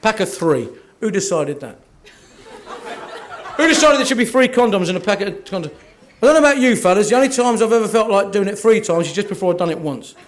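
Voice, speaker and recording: A man's voice: sits high, animated, fast, background noise. A man from Kent doing a cheeky, self-mocking stand-up routine at an awards dinner in a hotel function room. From Kent, England. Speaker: after-dinner comedian.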